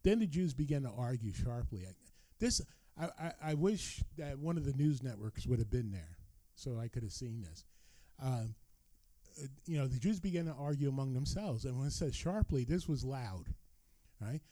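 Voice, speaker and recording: Animated male preacher, mellow lively voice. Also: moderate pace, dry recording. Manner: expressive Bible reading with asides, animated rises and drops in pitch. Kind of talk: sermon.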